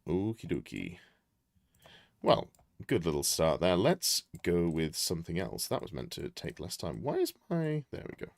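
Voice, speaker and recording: A man's voice: low-pitched, huge pitch swings, normal speed, creaky, no echo. A man reviewing a tabletop army list on a live stream, thinking aloud, correcting himself and chatting to viewers. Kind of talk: casual live-stream commentary.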